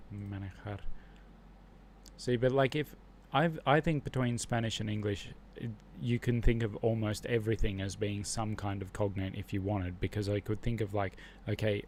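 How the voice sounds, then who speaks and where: A man's voice: on the low side, darkish tone, slight background noise. An Australian man hosting a casual livestream, thinking aloud as he reviews Spanish flashcards. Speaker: livestream host learning Spanish.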